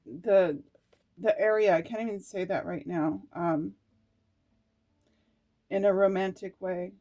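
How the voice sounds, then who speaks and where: Speaking slowly in a warm, medium-pitched voice, a middle-aged woman reads tarot cards and their meanings aloud. She gets emotional along the way, laughing at times and slipping into tearful asides.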